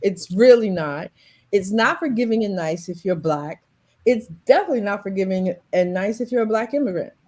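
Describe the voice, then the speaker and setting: A woman's voice: mid-range voice, lively intonation, fairly quick, mellow. An American woman who works in leadership development, speaking thoughtfully and emphatically on a video call. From United States. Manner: thoughtful, emphatic, repeats for stress. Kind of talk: casual online panel chat.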